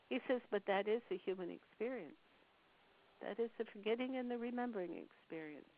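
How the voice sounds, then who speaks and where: A woman channeling a spirit's words on a phone call, speaking in a slow, measured, soothing way with long pauses. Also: on the high side, expressive. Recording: tinny phone line with faint hiss.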